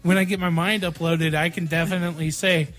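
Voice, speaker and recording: A man's voice: fairly high pitch, level tone, fairly quick, a bit bright. A man co-hosting a podcast in casual chat, joking and laughing often. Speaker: podcast co-host.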